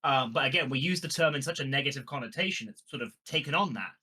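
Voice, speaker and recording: Bright-voiced English man, animated chat. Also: mid-range voice, fast talker, breathy edge. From England. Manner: animated, restarts sentences often. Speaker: podcast co-host. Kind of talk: casual chat.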